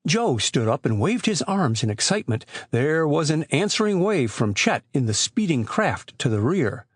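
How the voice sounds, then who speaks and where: A man narrating a classic boys' adventure audiobook in a measured, expressive storytelling voice. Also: a little high, husky, no room sound, clean studio sound. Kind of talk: scripted narration.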